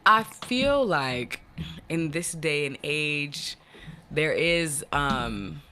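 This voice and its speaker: A woman in her twenties with a deep, low voice, chatting casually as a podcast guest and using lots of fillers. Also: extremely slow. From born in the US, early years in Ghana, raised in New Jersey. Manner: relaxed, filler-heavy, often says "like" and "you know what I'm saying". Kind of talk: casual conversation.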